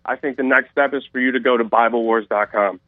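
A man calling in to a radio show, speaking excitedly and gushing with praise. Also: medium pitch, fast, dry recording. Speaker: caller. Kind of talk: call-in talk. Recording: dry phone-line call.

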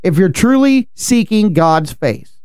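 A man's voice: high voice, sing-song, slow pace, darkish tone, smooth, no room sound, clean studio sound. A man co-hosting a casual faith discussion, talking earnestly and animatedly and laughing often. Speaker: podcast co-host.

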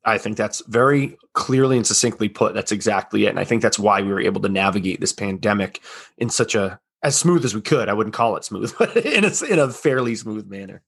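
A man's voice: fairly low pitch, lively intonation, brisk, vocal fry, fairly bright tone, slightly rough. A man working in sales, a podcast guest, chatting casually and telling anecdotes with a laugh.

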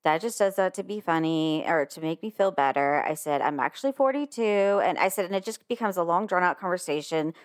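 Expressive woman in her forties. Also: lowish voice, fairly quick, few pauses. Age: 40s. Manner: expressive, quotes herself, laughs readily. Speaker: podcast co-host. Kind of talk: casual chat.

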